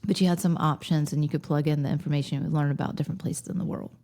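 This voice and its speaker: Mellow, wry Southern woman. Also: sits low, fairly even intonation, racing. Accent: Southern US (Lowcountry South Carolina). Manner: wry, laughs through her stories. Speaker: podcast co-host. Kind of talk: casual nostalgic chat.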